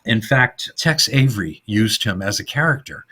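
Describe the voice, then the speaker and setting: Middle-aged male podcast co-host, bright and husky, lively storyteller. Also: on the low side, moderate pace. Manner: animated retelling, acts out quoted lines in funny voices. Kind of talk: casual film discussion.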